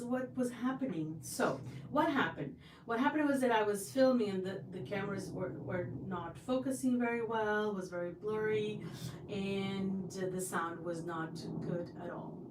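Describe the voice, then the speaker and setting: A woman's voice: medium pitch, darkish tone, a little hiss or hum. Gushing woman chatting in a roomy kitchen. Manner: chatty and effusive, with many restarts. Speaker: livestream host. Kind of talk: casual livestream chat. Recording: roomy sound from a distance.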